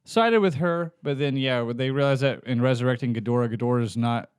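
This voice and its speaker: A man's voice: medium pitch, a little fast, clear, resonant tone, no echo, studio quality. A man co-hosting a podcast in casual chat, rambling and laid-back, swearing now and then. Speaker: podcast co-host.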